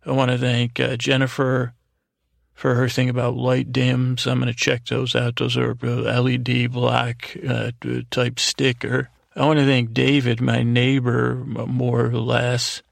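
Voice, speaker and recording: A man's voice: mid-range voice, monotone, unhurried, creaky, dry recording. A man hosting a podcast, thanking listeners one by one in a loose, rambling way, correcting himself and adding jokey asides. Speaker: podcast host. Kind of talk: casual thank-yous to listeners. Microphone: close studio mic, alone.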